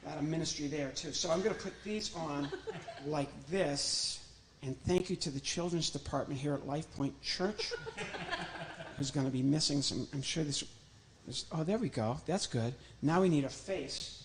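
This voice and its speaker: A man's voice: on the high side, normal speed, background noise. A ventriloquist comedian from Illinois, a man doing a chatty, joking live act on a church stage and talking to his puppet.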